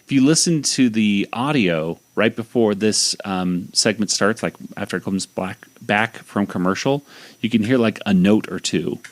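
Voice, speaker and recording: Male podcast host, lowish voice, rambling recap full of fillers and restarts. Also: normal speed. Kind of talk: casual chat recapping a cartoon episode.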